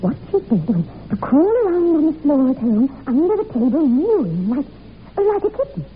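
A young woman acting in a 1940s radio drama, telling a dark family legend in an intense, breathless way. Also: high-pitched, very animated, moderate pace. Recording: tinny old radio recording with faint hiss.

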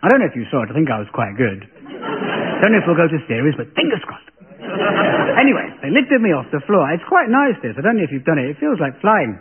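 A man's voice: on the high side, sing-song, racing. An English man hosting a comedy panel show, delivering a satirical monologue in a dry, sardonic way. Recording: lo-fi phone-like radio broadcast.

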